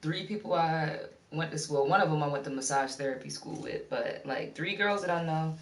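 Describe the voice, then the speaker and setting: A woman's voice: low-pitched, normal speed. A woman from Maryland chatting casually on a livestream, teasing and laughing often. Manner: loose, teasing, laughs often, reads chat aloud. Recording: echoey room, far from mic, faint noise.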